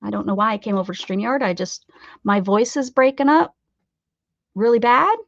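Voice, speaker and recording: Chatty woman with a gravelly voice. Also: a little high, expressive, normal speed, no room sound, highs cut off. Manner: chatty, greets viewers by name, talks to her cat. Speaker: art livestream host. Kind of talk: casual livestream chat while crafting. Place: home craft table.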